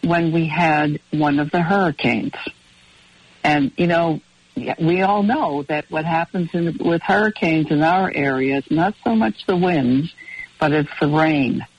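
A woman's voice: low voice, a little slow, slightly rough. A woman co-hosting a radio show, chatting casually and rambling through long anecdotes. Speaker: radio co-host. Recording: dull, dry radio broadcast audio.

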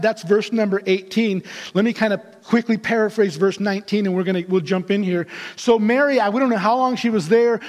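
Male pastor, animated storyteller, pitched high, long hall reverb. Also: fairly quick, hardly any pauses. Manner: animated, acts out characters' voices. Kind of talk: storytelling sermon.

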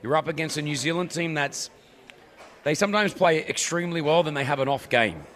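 A man's voice: on the high side, brisk, fairly bright tone, slight background noise. A middle-aged man from Australia hosting a breakfast radio show, joking and leading the banter. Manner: playful, jokey, leads the talk.

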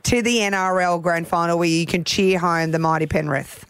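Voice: medium pitch, steady tone, moderate pace, a bit bright, clear, resonant tone, no echo. A radio co-host, cheerful, announcing competition prizes on breakfast radio.

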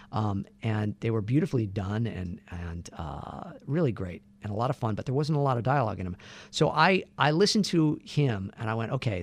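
A middle-aged man, a voice actor, telling lively anecdotes in a casual interview and acting out the quotes. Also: medium pitch, gravelly. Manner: animated anecdotes, acts out quotes. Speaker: voice actor guest.

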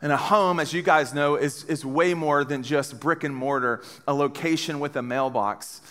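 At a college ministry event, a thirty-something man tells stories to the audience, cracking playful jokes at his own expense and speaking right to the crowd. His voice is on the high side and fairly bright, at a moderate pace, with a long reverb tail.

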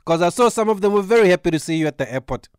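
Admiring male interviewer, fairly high voice. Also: animated, racing, clear, resonant tone, dry recording, clean studio sound. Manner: attentive, admiring questioning. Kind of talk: interview questions.

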